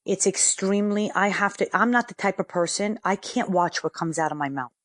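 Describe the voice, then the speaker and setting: A woman's voice: mid-range voice, brisk, no room sound, studio quality. A middle-aged woman, a podcast guest, telling a personal story in casual conversation and acting out the lines of the people in it. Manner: animated storyteller who acts out quoted dialogue.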